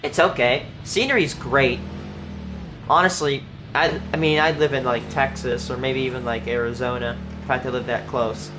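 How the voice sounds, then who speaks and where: In a steady, mid-range voice at normal speed, a man casually chats during a livestreamed game. He rambles, often saying "like" and starting over, with clear music in the background.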